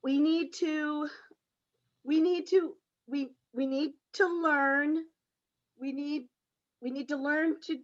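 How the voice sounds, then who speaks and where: A woman playing an emotional mother in an amateur radio play, halting and theatrical, recorded on dull lo-fi audio. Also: high voice, fairly even intonation. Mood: hesitant. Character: emotional middle-aged mother, fed up with family trips.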